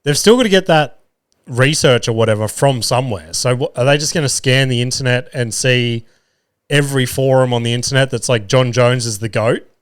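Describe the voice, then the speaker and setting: A man's voice: medium pitch, brisk, clean tone. A man hosting a solo podcast in casual chat, rambling, swearing freely and filling gaps with "um" and "like" as he hunts for words. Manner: loses his words mid-thought. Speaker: podcast host.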